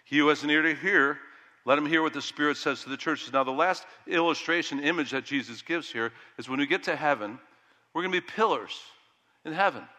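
A middle-aged man preaching a sermon with animated delivery, rising loud and dropping to a hush. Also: on the high side, a little fast, big-room sound. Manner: animated preaching that rises loud and drops to hushed. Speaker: pastor.

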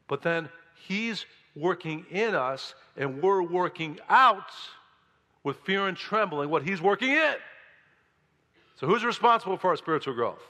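A man preaching a sermon as pastor, animated and playful, acting out grumbling voices. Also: fairly high pitch. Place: church sanctuary. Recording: long hall reverb.

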